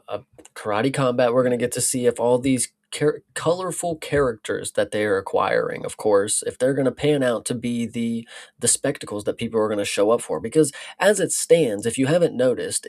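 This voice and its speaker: A man's voice: medium pitch, a little mellow. A man co-hosting a casual podcast, talking bluntly and loosely with plenty of swearing. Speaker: podcast co-host. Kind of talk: casual chat.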